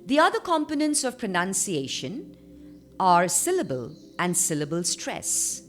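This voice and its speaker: A woman presenting a scripted online lesson as a trainer, with a clear, measured teaching delivery. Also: mid-range voice.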